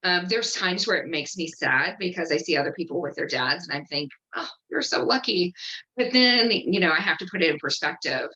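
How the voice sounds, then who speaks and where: A woman hosting a workshop, speaking earnestly and openly about personal matters, with frequent pauses and ums. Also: low-pitched, expressive, bright, forceful tone, muffled recording. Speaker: workshop host and coach. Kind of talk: candid personal sharing in a virtual workshop.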